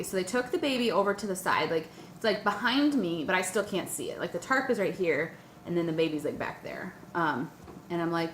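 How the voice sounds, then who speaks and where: A woman's voice: lowish voice, fairly quick. Young woman telling a birth story in an echoey room. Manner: excited and breathless, lots of "like" and "um", acts out her own panicked questions. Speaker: vlogger. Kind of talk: personal storytelling. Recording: echoey room with faint ambient noise.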